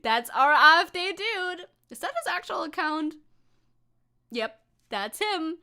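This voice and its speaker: A woman's voice: extremely high pitch, animated, measured pace, pushed and bright. A German-accented woman streaming casual commentary, sarcastic and swearing freely, laughing often. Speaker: VTuber streamer.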